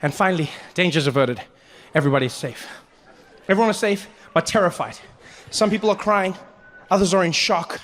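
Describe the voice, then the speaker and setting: High-voiced animated man doing stand-up. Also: fairly quick, pauses often. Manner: animated, lots of voices, punchy asides. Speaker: stand-up comedian. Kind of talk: stand-up storytelling.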